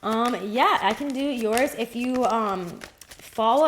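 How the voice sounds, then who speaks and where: A woman's voice: a little high, moderate pace, slight background noise. A woman giving a casual livestream tarot reading, chatty and rambling, with casual swearing.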